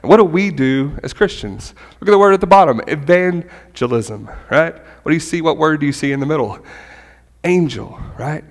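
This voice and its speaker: A middle-aged man giving a conversational sermon as a pastor, animated and often checking in with "right?". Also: fairly high pitch, normal speed. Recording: long hall reverb.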